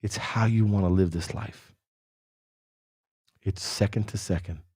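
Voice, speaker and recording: A man's voice: fairly low pitch, fairly even intonation, a little slow, warm tone, slightly rough, no room sound, studio quality. A man hosting a podcast, earnestly telling a motivational personal story in casual, slangy speech and addressing the listener by name. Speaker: podcast host.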